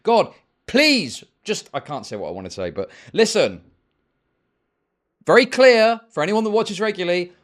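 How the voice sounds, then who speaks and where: A young male streamer with a higher-than-usual voice that leaps up and down as he rants. He talks in a heated, sarcastic way and swears freely. It sounds like live commentary to his viewers. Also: very animated, moderate pace, fairly bright tone. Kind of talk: ranting livestream commentary.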